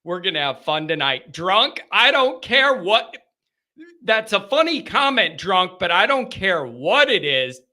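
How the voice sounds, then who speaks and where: A man hosting a live late-night call-in sports show, rowdy and animated, chatting with his viewers. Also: high voice, unhurried. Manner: rowdy, animated, talks to the chat.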